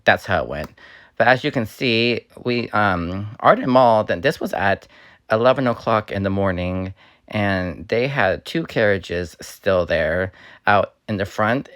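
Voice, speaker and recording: Man with a slightly raspy voice, low-pitched. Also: fairly bright tone, dry recording, studio quality. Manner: rambling, with fillers and restarts. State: slightly raspy, recovering from illness. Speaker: YouTuber. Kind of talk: casual voice-over for a store walkthrough.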